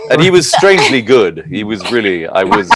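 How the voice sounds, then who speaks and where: Laughing man with a lively voice. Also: normal speed, crowd noise. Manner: laughs often, swoops in pitch when amused. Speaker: panelist. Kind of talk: casual group chat on a video call.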